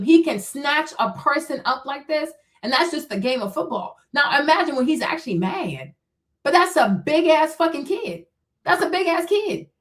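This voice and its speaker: Blunt, high-voiced woman streamer. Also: a bit bright. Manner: blunt, profane, talks back to chat. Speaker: livestream host. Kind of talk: heated livestream commentary.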